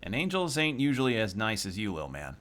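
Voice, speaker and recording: A man's voice: on the low side, big pitch swings, quick pace, fairly bright tone, faint music behind. A man voicing a laid-back young male mechanic in a video game, drawling in casual slang and calling the listener little man. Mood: easygoing.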